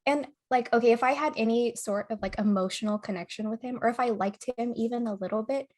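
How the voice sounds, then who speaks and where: Young woman, podcast co-host, slightly high voice, casual storytelling, swears a lot, laughs mid-sentence. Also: fast talker. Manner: animated, swears often, laughs mid-sentence, acts out quotes.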